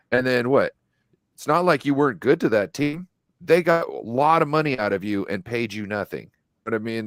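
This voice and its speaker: A man's voice: fairly low pitch, clean tone, dry recording. A man co-hosting a sports podcast over an online call, talking bluntly and with animation, full of "you know" and "like". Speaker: podcast co-host. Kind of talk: casual sports chat. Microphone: online call connection.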